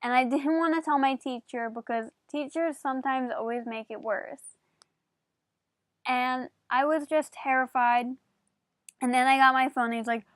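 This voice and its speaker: Vlogger woman, high bright voice, animated chatty storytelling, dry close sound. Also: measured pace, no room sound. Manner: animated, chatty, many "like" fillers. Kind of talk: casual storytelling to camera.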